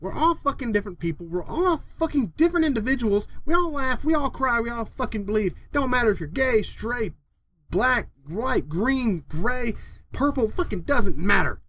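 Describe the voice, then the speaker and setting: High-voiced man ranting angrily. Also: lively intonation, normal speed, fairly bright tone. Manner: heated, profane, repetitive ranting. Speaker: vlogger. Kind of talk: angry rant to camera.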